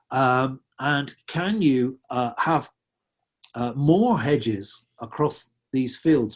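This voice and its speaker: A man's voice: medium pitch, a little mellow, breathy edge. A middle-aged man gives an earnest, conversational wildlife presentation, often restarting his sentences. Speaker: wildlife conservationist giving a talk. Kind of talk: illustrated public presentation.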